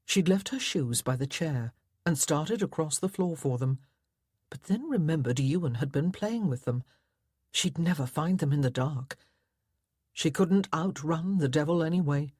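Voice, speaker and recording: Low husky woman narrating a romance. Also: animated, unhurried, darkish tone, dry recording, clean studio sound. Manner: dramatic, tense storytelling. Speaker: audiobook narrator. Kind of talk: scripted narration.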